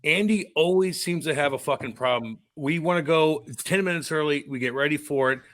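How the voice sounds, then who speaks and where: A man's voice: a little high, fairly quick, fairly bright tone. A man co-hosting a podcast, ranting and swearing in a worked-up casual chat. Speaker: podcast co-host.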